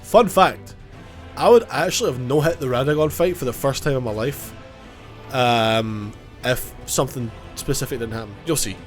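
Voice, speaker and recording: A man's voice: mid-range voice, normal speed, soft background music. A man with a cold, giving casual, joking gameplay commentary, self-mocking and swearing now and then. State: has a cold. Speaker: gaming YouTuber.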